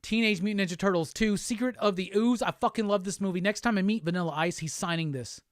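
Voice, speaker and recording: A male host chatting casually on a livestream while unboxing gifts, excitable and profane. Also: high-pitched, quick pace, dry recording, clean studio sound.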